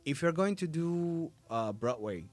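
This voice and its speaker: A man, a voice actor, chatting as a guest on a podcast in a studio, a little congested, talking in an animated way and slipping into quoted voices. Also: fairly high pitch, unhurried, faint music behind. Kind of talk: casual interview chat. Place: podcast studio in a hobby shop.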